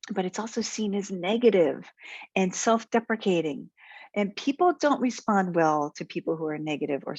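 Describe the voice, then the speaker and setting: A woman's voice: mid-range voice, darkish tone, no echo. Assertive, encouraging woman coach, dry sound. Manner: assertive, encouraging, plainly explaining with examples. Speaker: speaker and confidence coach. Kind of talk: direct-to-camera tip video.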